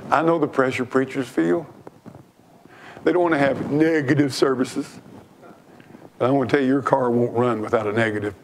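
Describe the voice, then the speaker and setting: A man's voice: mid-range voice, steady tone, moderate pace, pauses often. A man preaching a sermon from the pulpit, emphatic and fervent, repeating his phrases for weight. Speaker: pastor. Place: church.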